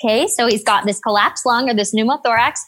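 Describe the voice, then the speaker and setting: A young woman with a high, bright-sounding pitch tells a story about her nursing work in an upbeat, energetic way. Her delivery is expressive and lively, with the easy rhythm of casual storytelling. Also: quick pace. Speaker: emergency room nurse.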